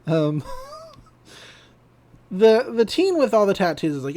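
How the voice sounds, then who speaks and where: A podcast co-host rambling through an episode recap, laughing often and breaking into the lines. The pitch swings widely through every sentence, sitting at a middle level. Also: very animated, slow pace, pauses often, warm tone.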